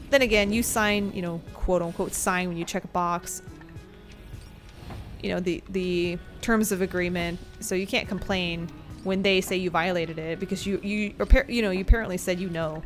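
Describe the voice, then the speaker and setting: A woman's voice: fairly low pitch, steady tone, moderate pace, faint music behind. A woman streaming a game, rambling through a story between fights, laughing often and swearing casually. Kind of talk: casual gameplay commentary and storytelling.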